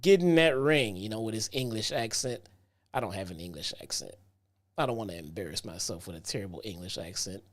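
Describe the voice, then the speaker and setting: A man's voice: low-pitched, a little fast, fairly bright tone. A man hosting a casual wrestling review show. He recaps matches in a loose, chatty way, repeating himself and dropping "um" and "man" often. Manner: laid-back, frequent "um" and "man", repeats himself.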